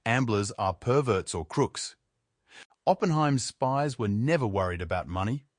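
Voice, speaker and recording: A man reading a literary essay aloud in a measured, wry way. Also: medium pitch, lively intonation, no room sound, clean studio sound. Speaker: essay reader.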